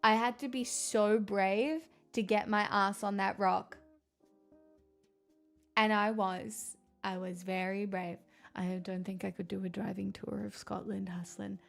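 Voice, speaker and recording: Gravelly woman chatting casually. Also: medium pitch. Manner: candid and rambling, swears, laughs often. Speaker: live streamer reading chat. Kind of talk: casual chat.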